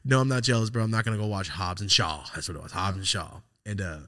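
A man's voice: sits low, fast talker, sharp tone, dry recording, studio quality. A man hosting a podcast, telling a rambling personal story in casual, profane talk and acting out the texts he quotes. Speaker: podcast host.

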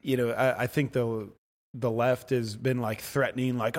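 A man's voice: mid-range voice, flat delivery, moderate pace, long reverb tail. A man who makes comedy sketches, talking as a guest in a casual chat, laid-back and mocking.

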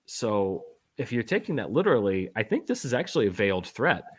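A man's voice: fairly low pitch, big pitch swings, brisk, husky. A man hosting a podcast, chatting casually about news in a wry, joking way, with many fillers and restarts. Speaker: podcast host. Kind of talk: casual chat reading news.

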